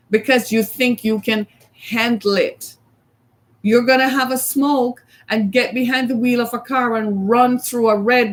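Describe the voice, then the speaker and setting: A middle-aged woman giving a motivational talk to an audience, emphatic, often repeating one key word and acting out quoted lines. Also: on the high side. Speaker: speaker.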